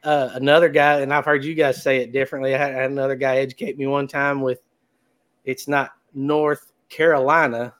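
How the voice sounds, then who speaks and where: A man's voice: medium pitch, level tone, fast, hardly any pauses. A man in a casual podcast chat, blunt and swearing freely. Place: podcast studio.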